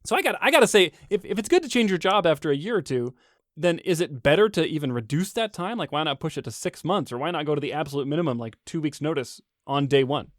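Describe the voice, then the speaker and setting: A man's voice: on the high side, animated, quick pace, no room sound, studio quality. A man in his forties co-hosting a casual podcast, telling stories with frequent chuckles. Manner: chuckling storyteller. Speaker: podcast co-host.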